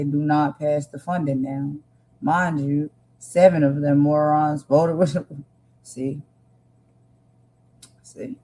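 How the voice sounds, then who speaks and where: A woman's voice: lowish voice, a little mellow, rough recording. A woman hosting a live stream, talking with feeling and emphasis, repeating her points and speaking straight to her viewers. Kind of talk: impassioned live stream commentary.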